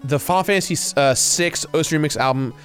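An animated man tells a story in casual podcast chat, his voice sitting a little high and swinging up as he acts out the people in it. Faint music runs underneath. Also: fast talker. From Los Angeles area. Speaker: guest telling a story.

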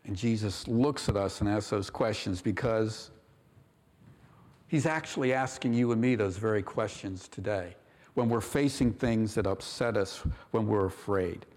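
A pastor's sermon echoes through a church sanctuary as he dramatizes quoted lines and lifts his voice to drive points home. He has a lowish, slightly mellow voice and an unhurried pace.

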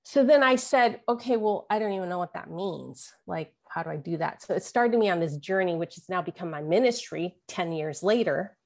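Husky-low earnest woman sharing testimony. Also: expressive, darkish tone. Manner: earnest, halting, emotional storytelling. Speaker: guest, author and podcaster. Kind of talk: personal testimony in interview.

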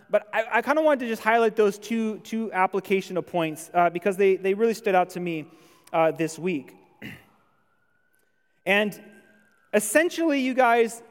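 Male pastor, high-pitched, chatty conversational preaching, church hall reverb. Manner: conversational, animated when voicing imagined objections. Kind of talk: sermon.

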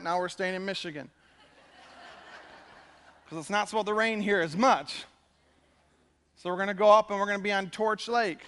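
High-voiced pastor preaching in a hall. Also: male voice. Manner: conversational, animated preaching with quick asides. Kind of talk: sermon. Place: church sanctuary.

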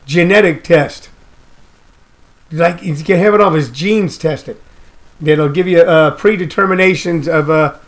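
Man, high pitch, rambling comedic radio host, riffs and repeats himself. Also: fairly bright tone. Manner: loose, riffing, repeats phrases, frequent uh fillers.

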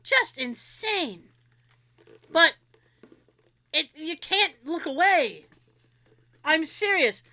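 A woman with a very high voice co-hosts a casual podcast chat, speaking extremely slowly with long pauses. She tells stories in an animated, giggly way and laughs often.

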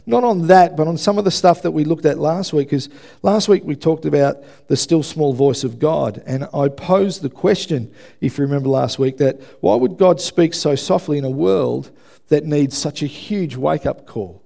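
A man's voice: fairly high pitch, normal speed, creaky, mellow. A man preaching a sermon in a conversational way, often checking in with the congregation. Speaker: pastor.

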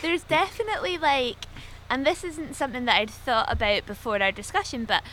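Bright-voiced woman thinking aloud. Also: high voice, a little fast, slight background noise, rough recording. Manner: thinks aloud in long explanations. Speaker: podcast co-host. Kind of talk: casual discussion.

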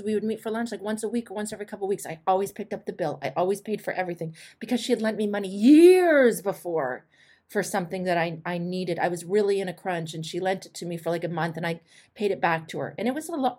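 A woman's voice: mid-range voice, a little mellow. A woman host coaching a caller, telling candid stories with emphatic, direct delivery. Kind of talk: coaching advice on a call.

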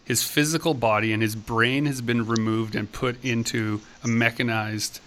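Podcast host, male, eager explainer, bright voice, faint background noise. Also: medium pitch, moderate pace. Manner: animated storyteller, explains eagerly. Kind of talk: casual podcast chat.

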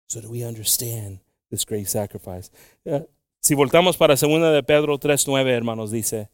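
A male preacher delivering a bilingual sermon, moving from quiet, halting, intimate talk to loud, slow, drawn-out scripture reading. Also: medium pitch, no room sound, studio quality. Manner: halting, with frequent fillers and restarts.

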